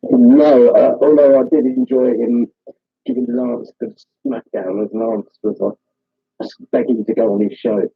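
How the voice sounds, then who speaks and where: A man's voice: medium pitch, little pitch movement, a little slow, creaky, slightly rough, dry recording. A man with a British accent joking crudely in a casual voice-call chat. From United Kingdom. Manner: banter with crude jokes. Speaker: call participant. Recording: tinny call audio, dry.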